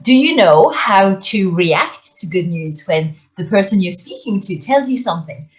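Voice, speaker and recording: A woman teaching a language in a video lesson, talking at an unhurried pace. She speaks clearly and deliberately, with a voice of middling pitch, and repeats each phrase slowly so it can be copied. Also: a little mellow.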